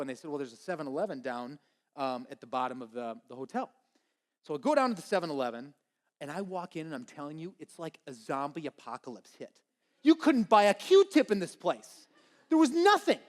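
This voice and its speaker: Preacher, man in his 30s, slightly high voice, spins a funny story at the pulpit and acts out each voice. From Minnesota. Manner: animated, comic storytelling with quoted voices. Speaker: pastor. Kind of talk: sermon storytelling.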